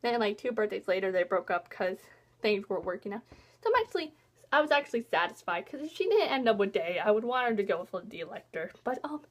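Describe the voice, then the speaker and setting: A woman's voice: medium pitch, animated, quick pace. A young woman vlogger chatting casually about a book she loved, gushing and emotional, rambling with lots of fillers. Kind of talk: casual book review chat.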